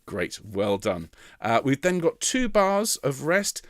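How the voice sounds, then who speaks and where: A man's voice: mid-range voice, very animated, slow, no room sound. A man leading a tenor choir rehearsal online, explaining notes and counting the singers in, encouraging. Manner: encouraging, counts in and sings phrases as examples.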